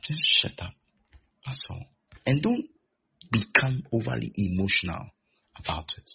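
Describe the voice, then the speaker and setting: A man preaching a sermon who acts out the voices of the people in his stories and swings between loud and soft delivery. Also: mid-range voice, expressive, a little slow, gravelly, a little hiss or hum. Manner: acts out quoted voices, shifting loudness. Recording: dull lo-fi recording.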